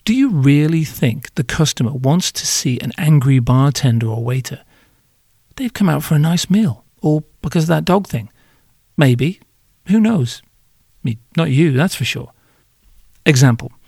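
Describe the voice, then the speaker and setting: Dry-humoured guy doing a solo podcast, gravelly voice, close dead-dry sound. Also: fairly high pitch, expressive, measured pace, warm tone, no room sound. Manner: sardonic, joking, irreverent. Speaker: podcast host giving hospitality advice. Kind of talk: casual monologue podcast.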